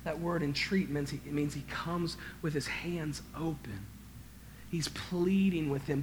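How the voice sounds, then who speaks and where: A man preaching a sermon as pastor, emphatic, swinging from quiet to loud, stammering and repeating words when he gets worked up. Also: fairly high pitch, fairly even intonation, measured pace, a little hiss or hum.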